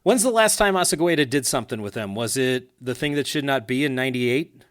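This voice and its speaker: A man's voice: medium pitch, lively intonation, a little fast, a bit bright. Man, podcast host, casual chat, chatty, laughs easily, lots of fillers.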